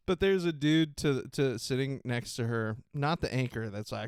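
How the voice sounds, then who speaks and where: Male podcast host, giggly and profane, smooth voice, dry studio sound. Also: mid-range voice, moderate pace, few pauses, dry recording. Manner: giggly, profane, rambling with frequent laughter. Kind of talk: casual solo podcast chat.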